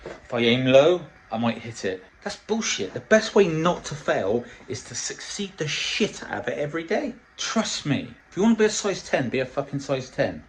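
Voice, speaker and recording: A man's voice: fairly high pitch, big pitch swings, normal speed, few pauses, a little hiss or hum, rough recording. A middle-aged man coaching on dieting in a casual vlog, blunt and swearing constantly as he tells stories. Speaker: diet coach.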